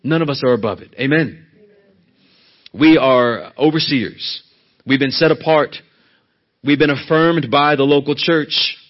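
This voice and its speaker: A man's voice: fairly high pitch, a little slow, pauses often, muffled recording. A man preaching a sermon as a church elder, pressing hard on key words and then dropping to a near whisper. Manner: emphatic, rising to loud stresses then dropping to a soft hush.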